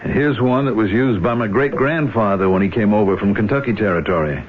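A man's voice: on the low side, a little fast, lightly acted. A man playing a tormented middle-aged man haunted by a killing he cannot remember, by turns brooding and anguished, on an old radio broadcast. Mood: friendly. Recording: tinny old radio broadcast with faint hiss.

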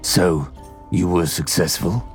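A man voicing a gruff, intimidating one-eyed older man who talks in a low, booming way. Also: slow pace, faint music behind.

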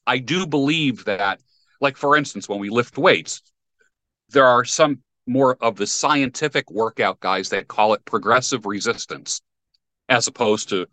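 Bright-voiced, firm man as podcast guest. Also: mid-range voice, unhurried, no echo. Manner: firm, opinionated, explains principles. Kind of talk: casual podcast conversation.

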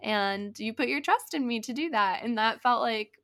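Gravelly-voiced woman, chatty podcast co-host. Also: fairly high pitch, moderate pace. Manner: animated storytelling, many "like" fillers. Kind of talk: casual conversation.

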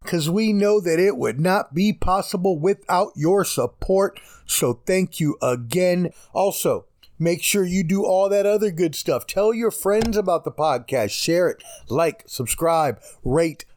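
A man's voice: high-pitched, a little slow, a little mellow. A man hosting a podcast, wrapping up the episode in a hyped, playful way, full of slang and catchphrases. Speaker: podcast host. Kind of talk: casual podcast sign-off.

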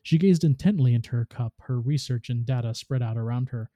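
A man, a podcast host, reading a story aloud in a steady narration. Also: medium pitch, a little fast, hardly any pauses, no echo.

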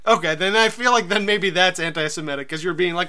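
A man co-hosting a casual comedy podcast, his voice sitting high and sounding strikingly bright. He talks loosely, trading jokes and offhand asides with his partner. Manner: joking, quick asides, swears casually. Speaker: podcast co-host.

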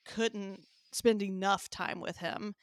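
A young woman podcast co-host chatting casually and telling a story in an animated way, often laughing. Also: mid-range voice, slow, dry recording, clean studio sound. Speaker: podcast co-host, new mother of two. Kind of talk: casual chat.

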